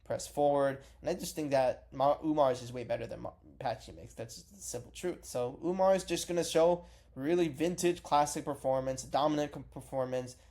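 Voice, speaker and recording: A man's voice: medium pitch, a little fast, darkish tone. A man casually giving his takes in a vlog, rambling, cursing and correcting himself mid-sentence. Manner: rambling, profane, self-correcting. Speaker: MMA reaction vlogger.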